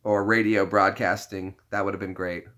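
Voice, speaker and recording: A man's voice: low voice, level tone, normal speed, fairly bright tone. A man chatting casually to viewers on a live stream, rambling through filler-heavy restarts and joking at his own expense with frequent laughs. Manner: joking, self-deprecating, laughs often.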